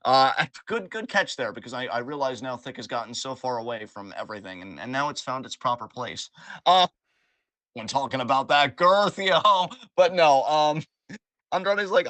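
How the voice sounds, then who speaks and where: Podcast guy ranting and joking, swears a lot, bright sharp voice, dry close mic. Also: medium pitch, normal speed, no room sound. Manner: animated, profane, joking. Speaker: podcast host. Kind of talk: casual wrestling recap chat.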